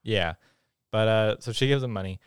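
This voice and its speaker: Male podcast co-host, mid pitch, smooth voice, dry close mic, giggly recap energy. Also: no echo. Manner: chatty, laughing, acts out characters' lines in quick impressions. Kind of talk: casual movie recap chat.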